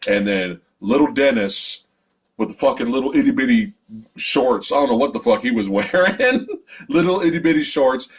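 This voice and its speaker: A male movie reviewer rants through a casual spoiler review, cursing freely and dripping with sarcasm. His voice is husky, and his pitch swings widely as his frustration builds. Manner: exasperated, profane, sarcastic.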